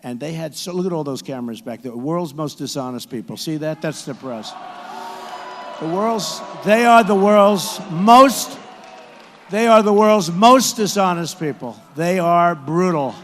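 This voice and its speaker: High-voiced man shouting at a rally. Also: expressive, measured pace, slight background noise. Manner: repetitive, boastful, rising to shouts. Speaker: political candidate addressing supporters. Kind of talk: campaign rally speech. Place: large indoor arena. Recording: echoey arena sound from a PA.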